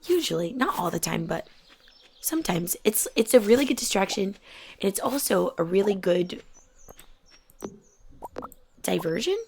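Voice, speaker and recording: A young adult woman chatting softly while she plays a game, often dropping to a near whisper. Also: medium pitch, expressive, normal speed, vocal fry, long pauses, a little hiss or hum. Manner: soft-spoken, often drops to a near whisper. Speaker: gaming channel host. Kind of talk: relaxed chat while playing a game.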